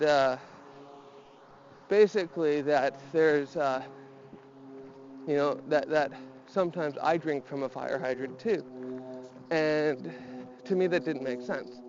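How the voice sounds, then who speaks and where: A man's voice: on the high side, takes it slowly, long pauses, dull audio, slight background noise. A man talking casually while walking his dog outdoors, a little out of breath and slightly nasal, rambling with restarts and fillers. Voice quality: a bit nasal. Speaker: podcast host.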